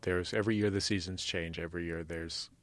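A man with a very deep, low voice muses reflectively in relaxed conversation. He talks it through slowly, thinking aloud. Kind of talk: casual chat.

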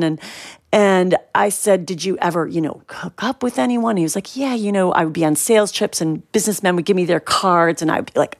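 Middle-aged woman, interview guest, lowish voice, dry studio sound, animated storyteller who acts out her quotes. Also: no room sound. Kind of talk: radio interview, personal storytelling.

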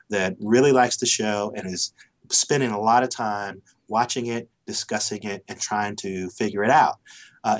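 A man as a podcast guest, speaking thoughtfully and often repeating words as he starts a thought. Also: on the low side. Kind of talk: casual podcast interview.

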